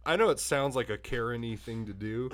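A man's voice: mid-range voice, fairly quick, a little hiss or hum. A man in his twenties co-hosting a podcast, telling a story in casual chat and acting out the voices in it. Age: 20s. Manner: animated storytelling, acts out quoted voices. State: hungover. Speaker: podcast co-host.

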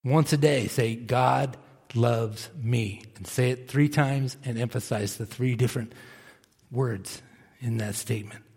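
A male pastor preaching a sermon, earnest, swinging from quiet, slow stretches to emphatic bursts. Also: mid-range voice, steady tone, creaky, breathy edge, in a large hall. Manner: earnest, rising to emphatic bursts then dropping soft and slow. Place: church sanctuary.

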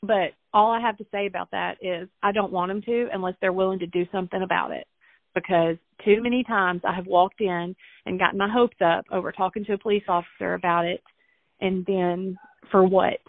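A woman's voice: medium pitch, steady tone, no echo. Earnest woman on a tinny line. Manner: earnest, halting, many restarts and fillers. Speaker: interview guest. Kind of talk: emotional personal storytelling.

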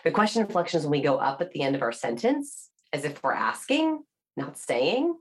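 Low-voiced woman explaining with animated emphasis. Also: a little fast. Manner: animated explainer, acts out quoted voices with rising inflection. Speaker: author and body language researcher. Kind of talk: podcast interview.

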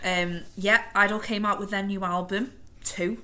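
A woman's voice: medium pitch, fairly even intonation, normal speed, crowd noise. A woman co-hosting a casual podcast, playful and chatty with joking asides. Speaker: podcast co-host. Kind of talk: casual chat.

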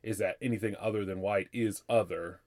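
Animated man giving his opinions. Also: fairly low pitch, fairly quick. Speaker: podcast co-host. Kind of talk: casual chat.

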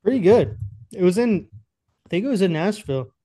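A young man chatting loosely on a podcast, rambling and crude and often breaking into laughter. His voice sits a little high. The sound is dry and close. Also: animated, fairly quick, dark tone, no room sound. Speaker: podcast co-host. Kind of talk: casual chat.

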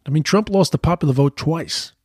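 A man's voice: a little high, fairly quick, a little mellow, husky, no room sound, studio quality. A man giving heated, profane political commentary in a casual rant, often stumbling and repeating words.

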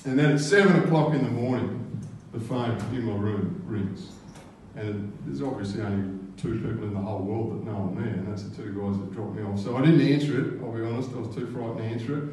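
A man's voice: fairly low pitch, a little fast, a little mellow, a little hiss or hum. Rambling Australian man telling a story live. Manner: rambling, casual, swears freely. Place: live arts venue stage. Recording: roomy live hall from a distance.

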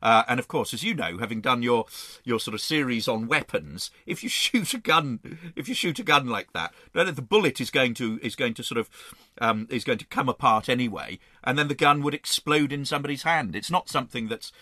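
A man's voice: mid-range voice, animated, fairly quick, bright, forceful tone, dry recording, studio quality. A man guest explaining history in a rambling, enthusiastic conversational way.

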